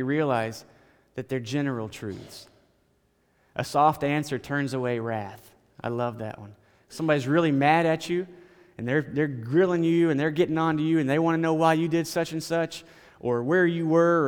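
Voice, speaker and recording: A man's voice: fairly high pitch, in a large hall. A man preaching a sermon as pastor, in a conversational style, repeating phrases and stammering now and then.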